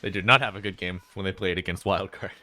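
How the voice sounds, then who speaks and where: Laid-back deep-voiced male caster. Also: steady tone, quick pace, sharp tone, soft background music. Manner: chatty, laid-back, reads out chat names. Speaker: esports caster. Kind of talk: casual live-stream commentary.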